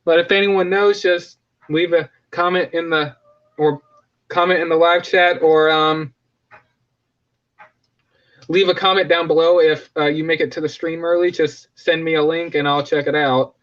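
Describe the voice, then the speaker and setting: A man's voice: fairly high pitch, level tone, normal speed, a bit bright, highs cut off. A man hosting a casual live stream, rambling, joking and correcting himself as he talks.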